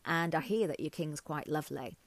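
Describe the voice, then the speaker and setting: A cheeky, ragged young heroine from a told folk tale, asking sly, challenging questions, as a woman storyteller puts her on. The voice sits a little low and is close and dry, with no room around it. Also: brisk, no echo. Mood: confident.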